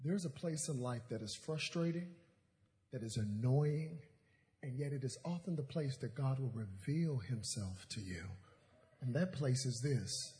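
A man's voice: medium pitch, expressive, unhurried, warm tone. A male pastor in his thirties preaching a sermon in a church auditorium, telling comedic stories with call-and-response.

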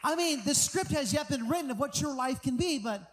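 A man's voice: very high voice, expressive, fairly quick, fairly bright tone, in a large hall, a little hiss or hum. A middle-aged American pastor preaching an earnest, conversational sermon, often restarting his sentences.

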